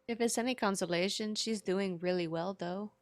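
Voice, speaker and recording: A woman playing a tabletop role-play game, speaking gently and reassuringly. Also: mid-range voice, moderate pace. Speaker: player.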